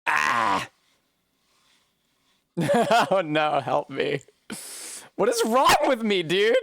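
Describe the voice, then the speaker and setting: A man streaming a game live, animated and swearing freely between bursts of laughter. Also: a little high, extremely slow, vocal fry, no room sound, studio quality. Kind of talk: live gameplay commentary.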